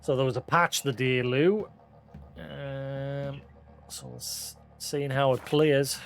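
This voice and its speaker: A man's voice: medium pitch, fairly even intonation, takes it slowly. Male game streamer, casual chat, explaining, filler-heavy, faint music behind. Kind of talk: casual gameplay commentary.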